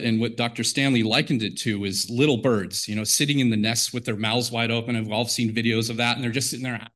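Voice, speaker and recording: A man's voice: medium pitch, fairly even intonation, quick pace, few pauses, a bit bright. A man giving an informal devotional talk to teachers, wordy and conversational, often restarting his sentences. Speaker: devotional speaker.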